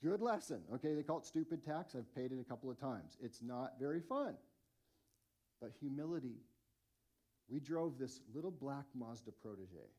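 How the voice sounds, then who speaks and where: A man in his forties preaching a sermon as lead pastor, telling stories in an animated, self-mocking way. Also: medium pitch, normal speed.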